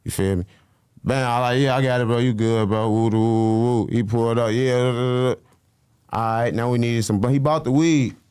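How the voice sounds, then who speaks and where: A man telling stories as an interview guest in a casual, slangy, animated way. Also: medium pitch, brisk, clean tone, dry recording. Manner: animated, slangy, acts out quotes.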